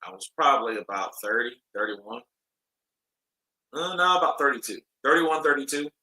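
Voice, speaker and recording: Bright-voiced chatty boxing commentator man. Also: medium pitch, moderate pace, rough recording. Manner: loose, chatty, excitable, swears casually. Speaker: boxing commentator hosting a watch-along. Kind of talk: casual live fight commentary and storytelling.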